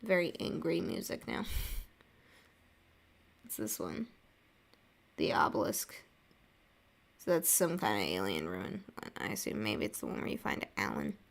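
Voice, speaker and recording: A woman's voice: rumbling low, wildly swooping pitch, unhurried, gravelly, long pauses. A young woman from the United States chatting casually while drawing on a stream, rambling and laughing often. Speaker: artist streaming a drawing session.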